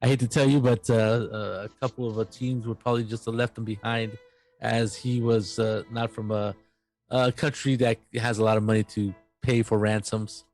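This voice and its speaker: A man voicing a businesslike, blunt male mission handler, talking haltingly with many fillers. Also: mid-range voice, level tone, darkish tone, faint music behind, lightly acted, low-quality recording.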